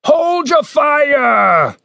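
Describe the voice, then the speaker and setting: High-pitched shouty army commander yelling orders, a guy putting it on, dry audiobook sound. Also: sing-song, extremely slow, vocal fry, no echo, heavily acted. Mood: barking orders. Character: barking male soldier commander, stern and threatening.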